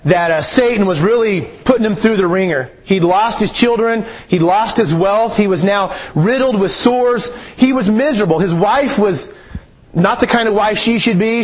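Male preacher, husky and high-pitched, earnest and repetitive delivery. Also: normal speed. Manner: earnest, repeats phrases for emphasis. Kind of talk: sermon.

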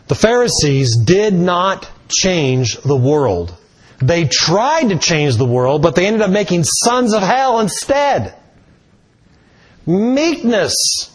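A man preaching a sermon in a slow, deliberate way, stressing key words with rising emphasis. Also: fairly high pitch, slightly rough.

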